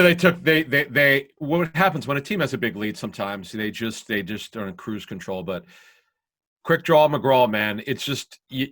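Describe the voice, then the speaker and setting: A man's voice: on the low side, fairly bright tone. A man co-hosting a sports talk show, giving emphatic football analysis and often restarting his sentences.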